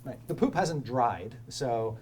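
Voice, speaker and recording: Relaxed man narrating as dungeon master. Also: mid-range voice, slow pace, breathy edge. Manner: descriptive, relaxed, with fillers. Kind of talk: narrating a tabletop game.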